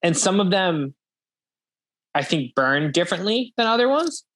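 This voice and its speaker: A young man on a podcast with a slightly higher voice, talking loosely and rambling. He swears casually, laughs easily, and keeps the chat relaxed. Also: moderate pace. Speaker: podcast host.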